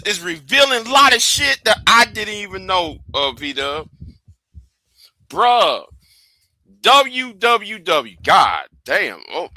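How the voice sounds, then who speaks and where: A man's voice: sits high, bright, forceful tone, no echo, low-quality recording. A man hosting a casual livestream, talking in a stop-start way and repeating words and catchphrases. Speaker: livestream host.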